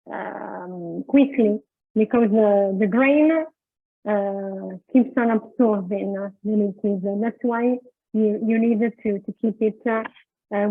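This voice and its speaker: An Italian woman teaches cooking over a video call, speaking slowly and pausing often to find her words. The sound is dry and narrow, like a phone line. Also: medium pitch, no echo. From Italy. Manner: halting, many fillers while explaining. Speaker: cooking instructor. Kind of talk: online cooking presentation. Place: home kitchen.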